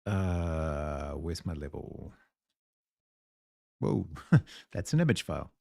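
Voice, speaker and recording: A man's voice: sits low, lively intonation, slow pace, vocal fry, warm tone, dry recording, studio quality. A man in his forties with a New Zealand accent, musing aloud as he codes on a live stream and chats with viewers. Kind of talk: casual thinking-aloud coding stream.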